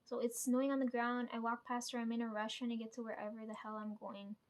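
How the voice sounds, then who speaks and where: A woman's voice: a little high, level tone, fast, darkish tone. Rambling woman retelling a dream. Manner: rambling, fillers like "right?" and "like"; swears casually. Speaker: vlogger.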